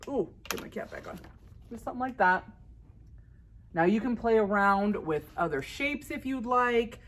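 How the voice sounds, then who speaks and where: A woman's voice: fairly high pitch, animated, normal speed, slight background noise. A woman giving a casual drawing tutorial as an art instructor, chatty and upbeat, laughing at herself as she works.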